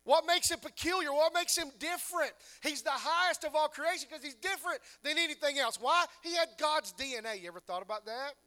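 Bright high-voiced man preaching. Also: a little fast, few pauses. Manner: preaching with emphatic rhetorical questions. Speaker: pastor. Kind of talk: sermon.

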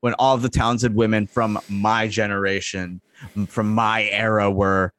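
A man putting on the voice of an earnest veteran woman wrestler in a casual impression, halting and full of filler sounds. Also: lowish voice, level tone, a bit bright, no echo, pitched below the performer's own voice, lightly acted.

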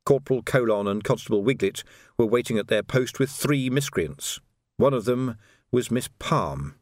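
A man reading a novel aloud as narrator in a measured, expressive way. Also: medium pitch, no echo, clean studio sound. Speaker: audiobook narrator. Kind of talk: scripted narration.

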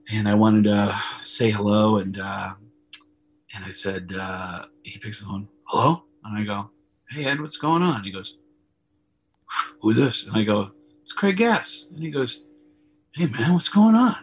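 On a video call, a comedian guest tells rambling anecdotes in a casual storytelling style, acting out the voices of the people he quotes. His voice is lowish, a bit bright and slightly rough.

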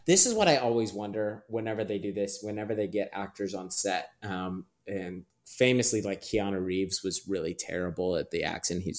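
Man, podcast co-host, casual chat, low voice, musing, lots of fillers. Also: moderate pace, hardly any pauses. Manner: musing, hedging, with frequent fillers.

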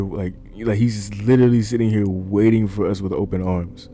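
Deep-voiced man giving an earnest, casual sermon. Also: fairly even intonation, normal speed, warm tone, slight background noise. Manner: earnest, repetitive, conversational with fillers. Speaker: preacher. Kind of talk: informal sermon. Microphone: desk microphone.

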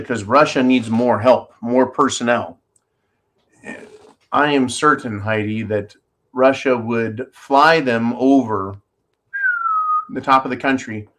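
This man, whose mid-range voice is a bit bright, hosts a commentary show in a call-in style. He reads viewer comments out loud, rants sarcastically with plenty of swearing and rambling, and holds objects up to a camera as he speaks.

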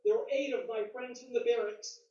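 A man's voice: very high-pitched, fairly even intonation, fairly quick, mellow. A man in his sixties telling a personal faith testimony, acting out the voices of the people he quotes. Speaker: speaker giving testimony. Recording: distant, roomy, dull sound.

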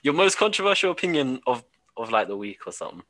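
A man's voice: medium pitch, sing-song, fast, fairly bright tone. A young man hosting a football podcast, steering the segments in a laid-back, giggly way. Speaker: podcast host.

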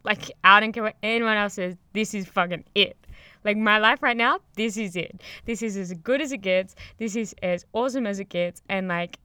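A woman's voice: medium pitch, normal speed, pushed and bright, clear, resonant tone, no room sound. A young woman hosting a casual motivational podcast, rambling and upbeat, swearing freely and laughing often, recorded very close to the microphone while crouched under blankets. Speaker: podcast host, yoga teacher.

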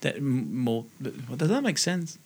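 A man's voice: medium pitch, sing-song, measured pace, darkish tone, breathy edge. A young man co-hosting a casual podcast, teasing his friend with crude jokes and laughter. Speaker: podcast co-host.

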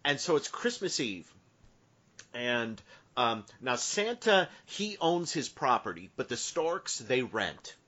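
A man's voice: medium pitch, sing-song, slow pace, pushed and bright. A man hosting a podcast, telling a playful made-up story full of asides and tangents. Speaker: podcast host. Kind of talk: casual podcast banter. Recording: dull lo-fi podcast audio.

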